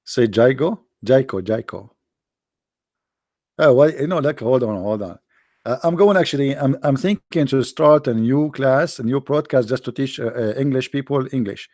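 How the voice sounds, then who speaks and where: A middle-aged man hosting a livestream, joking sarcastically and reading the chat aloud, in halting non-native English. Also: mid-range voice, a little mellow, no room sound, clean studio sound. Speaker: livestream host. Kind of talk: casual live-chat banter.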